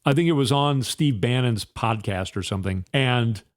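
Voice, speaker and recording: A man hosting a solo commentary show, his voice sitting at a middle pitch. He talks in a fired-up, indignant way, stacking one rhetorical question on top of another. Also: normal speed. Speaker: podcast host.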